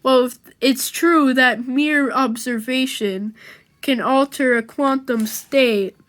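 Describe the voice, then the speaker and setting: An earnest, brainy young comic-book hero, put on by a woman reading aloud, talking in quick, thoughtful bursts. The voice sits high and eager. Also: fairly bright tone. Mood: musing.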